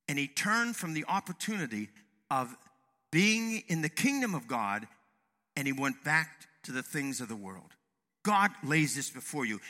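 Brief: middle-aged male pastor, lively and emphatic, bright cutting tone. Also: on the high side. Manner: emphatic, swings from loud to hushed. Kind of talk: sermon. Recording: long hall reverb.

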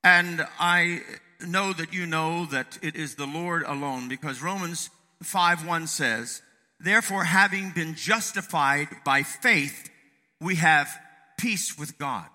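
Male preacher, fairly high and very bright voice, hesitant with lots of ums, church hall reverb. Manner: halting, with many fillers and restarts; soft and reflective at the start, rising to fervent preaching. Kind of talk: sermon. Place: church sanctuary.

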